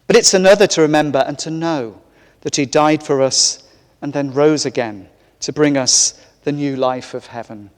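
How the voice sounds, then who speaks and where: Vicar giving a chatty sermon, slightly high voice, long church echo. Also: male voice. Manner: warm, conversational preaching with light humor. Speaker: parish vicar. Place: large church. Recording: echoey church hall.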